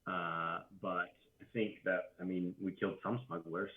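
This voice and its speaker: A man's voice: deep voice, steady tone, a little slow, crowd noise. A man playing a tabletop game, talking hesitantly with many fillers. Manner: hesitant, lots of uh and um. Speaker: player. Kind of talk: casual game chat. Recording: tinny phone-like call audio.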